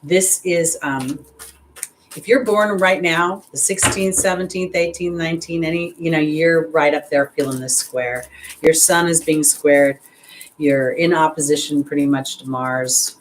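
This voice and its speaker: Speaking unhurriedly in a low voice, a woman offers a relaxed astrology and angel card reading as an intuitive astrologer and card reader. She chats and rambles, addresses viewers by name, and laughs at herself when she gets nervous, all over a low-quality recording with a bit of hiss or hum.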